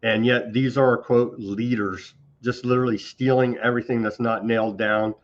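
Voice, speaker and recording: Male host, medium pitch, biting sarcasm, muffled lo-fi recording. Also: fairly even intonation, normal speed. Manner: sarcastic, mocking, scornful of government. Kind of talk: sarcastic on-this-day news commentary.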